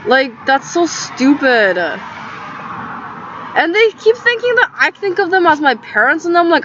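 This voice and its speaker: A woman's voice: high-pitched, animated, normal speed. A young woman rambling through a casual monologue, agitated and full of "like" fillers, recorded inside a tent. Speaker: vlogger. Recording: slightly dull lo-fi audio with faint background noise.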